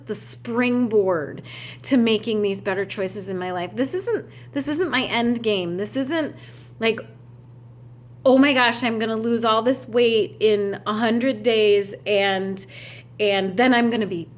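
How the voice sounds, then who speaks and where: A middle-aged woman talking earnestly and candidly in a personal vlog, with halting restarts. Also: a little high. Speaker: vlogger.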